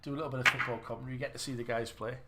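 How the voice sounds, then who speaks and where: A gaming livestreamer with a bright, forceful mid-range voice races along with fairly even intonation, and there's slight background noise. He chats casually over his snooker game, mocking his own play with rambling restarts.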